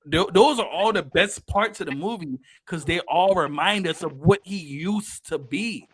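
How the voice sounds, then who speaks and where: A man hosting a casual podcast, talking excitably and emphatically with plenty of cursing. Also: high voice, unhurried, a little hiss or hum. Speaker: podcast host.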